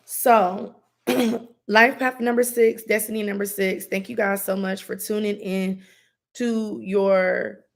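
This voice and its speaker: Gravelly-voiced woman giving casual readings. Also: mid-range voice, steady tone, takes it slowly. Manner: casual, rambling, filler-heavy. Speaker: intuitive reader. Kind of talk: live-stream spiritual reading.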